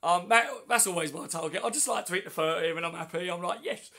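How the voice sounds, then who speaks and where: Male stream host, high-pitched and gravelly, hoarse with flu, chatty and matey with viewers. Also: quick pace, sharp tone. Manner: chatty, matey, answers comments one by one. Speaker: livestream host. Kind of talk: casual livestream chat reading viewer comments. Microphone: phone.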